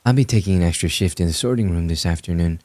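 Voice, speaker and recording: A man voicing a kind, understanding male roommate who speaks calmly. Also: sits low, quick pace, no room sound, natural voice.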